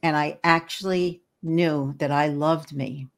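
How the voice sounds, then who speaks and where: Low-voiced woman, earnest energy healer. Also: fairly even intonation, slow pace, vocal fry. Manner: earnest, encouraging, with frequent restarts. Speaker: guest, energy healer and hypnotherapist. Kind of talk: podcast interview conversation.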